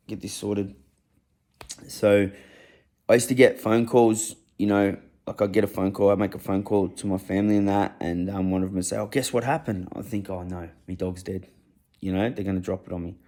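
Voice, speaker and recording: A man's voice: low-pitched, warm tone. A young man telling a raw personal story, blunt and rambling, swearing freely.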